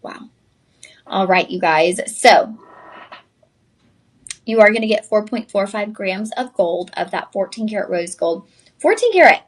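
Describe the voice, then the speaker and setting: A woman presents jewelry live on a shopping channel. She is chatty and effusive, speaks right to the viewers, and sounds a little tired. Her voice sits at an ordinary middle pitch. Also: steady tone, measured pace, long pauses.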